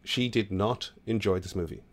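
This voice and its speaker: A man's voice: on the low side, normal speed. A man hosting a podcast in a casual way, moving the show along. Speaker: podcast host.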